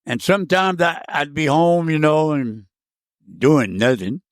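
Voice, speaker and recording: A man's voice: fairly high pitch, animated, a little slow, no room sound, studio quality. A man, telling old stories as a podcast guest, rambling and repeating words as he goes. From South Louisiana. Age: 90s. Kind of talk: casual storytelling interview.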